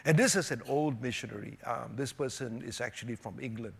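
A man preaching a sermon as pastor, animated, moving between emphatic raised lines and quiet asides, often checking in with "you know" and "right?". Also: medium pitch, brisk, creaky, slightly rough. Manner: frequent "you know" and "right?" tag questions.

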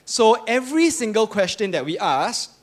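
A man with a high, light voice hosting a congregation quiz in a church sanctuary. He speaks into a microphone, reads scripture first, then jokes and teases with quick chuckles. His tone is friendly and playful. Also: big pitch swings, background noise. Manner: playful, teasing, chuckles between lines. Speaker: church fellowship quiz host.

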